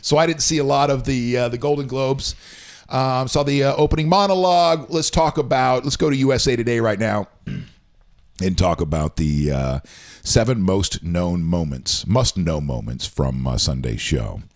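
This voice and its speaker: A man's voice: mid-range voice, moderate pace. Guy hosting a chatty show from home, rambles, reads news and adds his two cents. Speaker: show co-host. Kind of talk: casual talk show chat.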